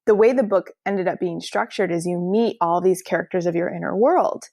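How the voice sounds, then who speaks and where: A woman's voice: on the low side, brisk, vocal fry, warm tone, no room sound. A woman in her thirties, an author being interviewed on a podcast, talking casually and acting out her inner voices as quoted dialogue.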